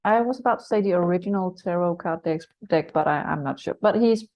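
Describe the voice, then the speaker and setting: A woman's voice: lowish voice, brisk. A woman with a Danish English accent co-hosting a casual spiritual chat show, speaking in a playful, teasing way. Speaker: podcast co-host. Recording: dull lo-fi recording.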